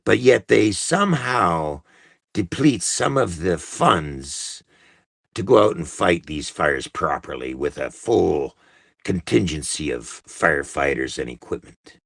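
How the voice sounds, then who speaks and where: Casting note: man, deep, slow and swearing, exasperated livestream host. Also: animated, vocal fry, fairly bright tone, slightly rough, no echo, studio quality. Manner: profane, exasperated and emphatic. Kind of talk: angry political rant.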